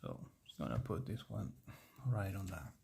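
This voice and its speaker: Gravelly-voiced man streaming a card break. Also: low voice, very animated, normal speed, dark tone, slight background noise. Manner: chatty, rambling, reading off player names.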